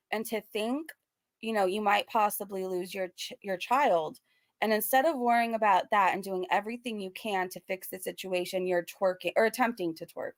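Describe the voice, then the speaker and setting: A woman's voice: medium pitch, dry recording, clean studio sound. A woman hosting a casual reaction commentary, sarcastic and laughing between remarks, with a self-described valley girl sound. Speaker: reaction channel host.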